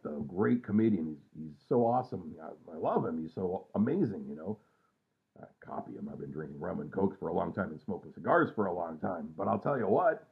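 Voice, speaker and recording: A man's voice: lowish voice, creaky. A man in his sixties rambling casually and self-mockingly at home at night, trailing off with lots of fillers. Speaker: vlogger. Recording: tinny phone-like sound.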